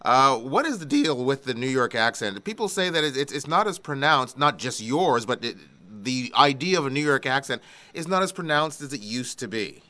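A male talk radio host with a bright, crisp voice leads the interview. He introduces each new subject with a question, in a polished, easy manner. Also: mid-range voice, lively intonation, normal speed.

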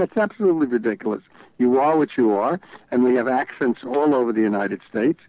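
A man's voice: medium pitch, dry recording. Wry New York man on a dull line. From New York City. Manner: wry, opinionated storyteller. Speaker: regular radio guest commentator. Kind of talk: radio talk show chat.

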